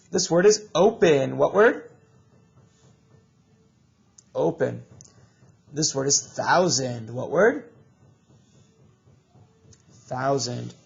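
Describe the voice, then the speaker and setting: A man teaching a recorded reading lesson to children, drilling sounds and words in slow call-and-response. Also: medium pitch, gravelly, highs cut off.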